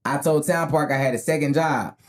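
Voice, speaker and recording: Fast-talking man telling stories. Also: fairly high pitch. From Tennessee. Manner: animated, acts out other people's voices, swears freely. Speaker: guest comedian. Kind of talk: casual storytelling.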